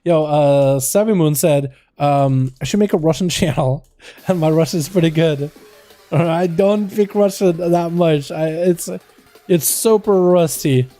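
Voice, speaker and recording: A male game streamer with a high voice that has a soft, mellow tone. He chats casually with his viewers and then switches to lively, hyped play-by-play commentary on duels. Faint music plays underneath. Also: a little slow. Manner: energetic, hyped, chatty with viewers.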